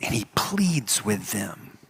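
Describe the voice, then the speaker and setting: A man preaching a sermon as pastor, telling the story in an animated way and acting out the characters. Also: lowish voice, slow, creaky, slight background noise. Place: church.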